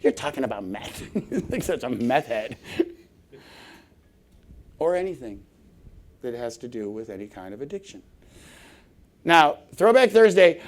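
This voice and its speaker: A middle-aged man giving a humorous conference talk, animated and laughing often as he acts out little scenes. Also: mid-range voice. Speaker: conference speaker. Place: conference hall stage.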